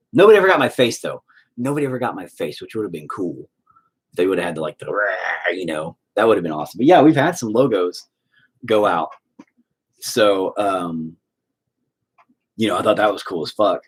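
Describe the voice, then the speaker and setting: A man's voice: lowish voice, a little mellow, slightly rough. A man hosting a podcast and talking candidly in a loose, rambling way, swearing often and leaning on "you know" fillers. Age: adult with children. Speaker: podcast host and band vocalist. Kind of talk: casual confessional chat.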